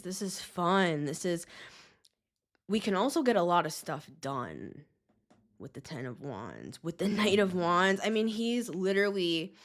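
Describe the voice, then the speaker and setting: A woman hosts a casual tarot reading to camera and lets her sentences stretch out slowly. Her voice sits on the low side, and she sounds chatty, excitable and slangy, laughing often. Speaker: tarot reader and show host.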